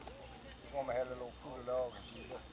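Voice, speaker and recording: A man's voice: medium pitch, brisk, far from the mic. A man telling a rambling joke at a family gathering. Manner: rambling excited storytelling. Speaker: family member telling jokes. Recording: home video with very loud background noise.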